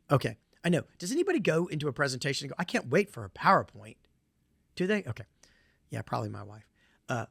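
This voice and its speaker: Southern US man, middle-aged presenter, fairly high voice, punchy and repetitive, dry close sound. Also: a bit bright, dry recording. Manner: emphatic, repetitive, folksy asides. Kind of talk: conference presentation.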